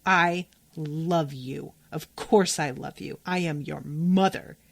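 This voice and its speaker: A woman's voice: low voice, takes it slowly, creaky, dry recording, exaggerated voice. A woman doing a stern, fiercely loving mother.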